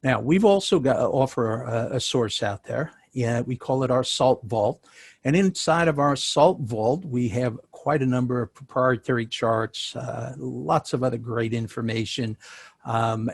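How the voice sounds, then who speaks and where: A man's voice: medium pitch, expressive, a little slow, creaky, breathy edge, no room sound, studio quality. A man with a New York accent answering interview questions as a sales tax consultant, talking conversationally with many fillers and restarts.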